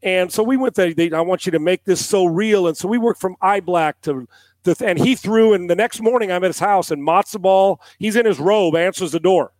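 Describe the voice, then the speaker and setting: Ex-quarterback guest, middle-aged man, tells stories with swearing and voiced quotes, high and dry. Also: fairly quick, no echo. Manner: animated storyteller, acts out quotes, swears casually. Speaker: guest, former NFL quarterback and analyst. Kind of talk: casual storytelling on a podcast.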